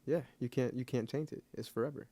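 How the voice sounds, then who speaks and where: A man's voice: mid-range voice, fairly even intonation, fast, creaky, mellow. A man hosting a podcast interview, reflective and earnest as he talks about his faith. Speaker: podcast host. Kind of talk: interview conversation.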